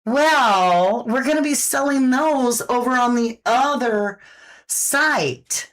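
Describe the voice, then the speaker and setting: A woman's voice: on the high side, takes it slowly. A woman hosting a casual live-stream, chatting folksily about products and reading out viewer comments, a little out of breath.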